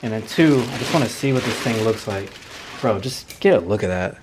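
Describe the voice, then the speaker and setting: A man vlogging his car build in a garage, talking casually in an excited, slangy and rambling way. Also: mid-range voice, a little fast, slight background noise. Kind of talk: casual vlog talk.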